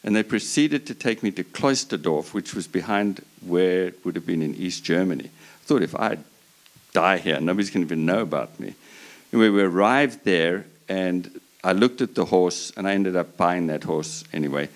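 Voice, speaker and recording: A man's voice: low voice, normal speed. A man speaking on a breeders' panel, telling a long personal story in an earnest, passionate way, often restarting his sentences. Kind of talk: storytelling at a live talk.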